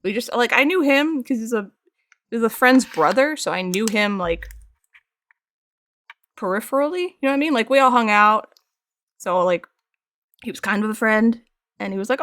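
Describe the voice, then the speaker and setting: A woman's voice: on the high side, normal speed, long pauses, no echo. Chatty woman streamer in a dry room. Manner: animated storytelling, acts out quoted lines, frequent laughs. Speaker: art streamer. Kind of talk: casual chat while painting on stream.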